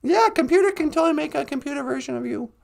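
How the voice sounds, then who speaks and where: A woman's voice: sits high, lively intonation, fast talker, vocal fry. A woman co-hosting a casual, playful podcast, goofing around and making beeping computer noises. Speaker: podcast co-host.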